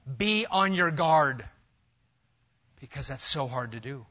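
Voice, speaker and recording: Male preacher, bright forceful tone, big dynamic swings from shouts to hushes, lo-fi church recording. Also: medium pitch, expressive, slow pace. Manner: dramatic, swinging from loud emphatic bursts to hushed near-whispers. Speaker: pastor. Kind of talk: sermon.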